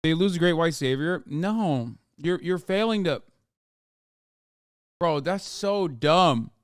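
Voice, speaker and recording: A man's voice: a little high, animated, slow, smooth, dry recording, clean studio sound. Heated, profane male streamer. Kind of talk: livestream reaction rant.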